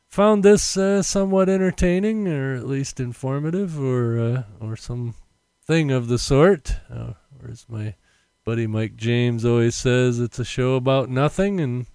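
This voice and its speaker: On his own podcast, a man rambles casually into a condenser mic, wearing headphones and drifting through a meandering monologue packed with fillers. His medium-pitched voice is creaky and darkish yet clear and resonant. The recording is studio quality with no room sound.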